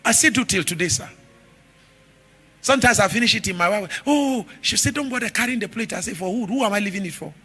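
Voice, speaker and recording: A man preaching a sermon, telling stories with animated shifts from shouts to murmurs. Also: high voice, quick pace, husky, soft background music. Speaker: pastor.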